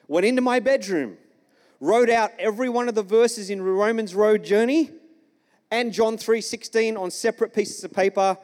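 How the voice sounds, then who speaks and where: Male pastor, high voice, storytelling sermon, long church-hall reverb. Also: darkish tone. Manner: storytelling, engages the congregation with questions.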